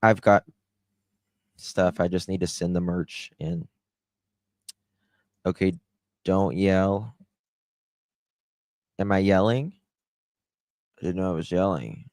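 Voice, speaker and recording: A tired livestream host with a drawl talks loosely to his chat and reads out names. His voice sits very low. The sound is dry and close to the mic. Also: fairly even intonation, takes it slowly, pauses often, a little mellow, no room sound. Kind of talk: casual livestream chat reading comments.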